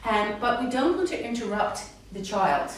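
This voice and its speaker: Animated woman speech therapist, echoey room. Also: fairly high pitch, normal speed. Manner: animated, models words in a sing-song voice. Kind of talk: live talk to parents. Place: hall with a live audience. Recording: echoey room, mic far off, faint noise.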